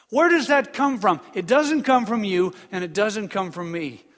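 A man's voice: sits high, a bit bright, in a large hall. An older man preaching an earnest sermon as pastor, with small restarts and asides.

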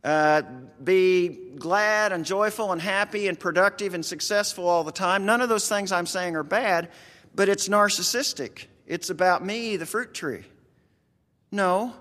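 A man's voice: high-pitched, measured pace, a bit bright, big-room sound. A man with a rural American accent preaching a conversational sermon, earnest and folksy, talking straight to his congregation.

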